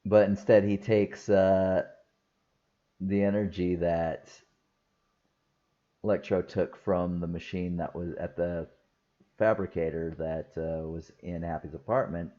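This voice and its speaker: A man's voice: low voice, flat delivery, takes it slowly, long pauses, mellow, highs cut off. A man talking casually through a film review, rambling and enthusiastic, with lots of fillers and laughs. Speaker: movie reviewer.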